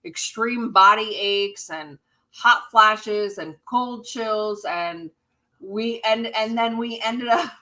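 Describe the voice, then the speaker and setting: A woman's voice: fairly high pitch, slow, sharp tone, poor audio. A woman co-hosting a casual livestream chat, talking freely, laughing often and thanking viewers for donations. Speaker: YouTube channel co-host.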